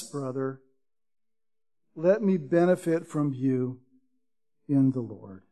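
A man preaching and teaching verse by verse through a Bible passage, in a measured, explanatory way with emphatic scripture quotes. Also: fairly high pitch, darkish tone.

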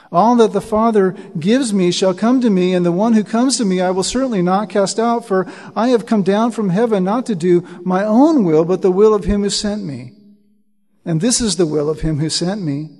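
A man with a high voice preaches a sermon in an earnest tone, reading long scripture passages and stopping to explain them. He often repeats words as he restarts a phrase. The sound carries a long reverb, as in a large hall. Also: a little mellow.

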